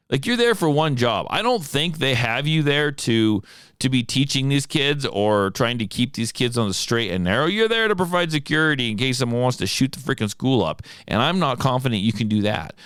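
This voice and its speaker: Fired-up ranting man with lively pitch. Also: clear, resonant tone, no echo, studio quality. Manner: indignant, ranting, rhetorical questions. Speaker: firearms instructor and show host. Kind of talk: fired-up solo commentary.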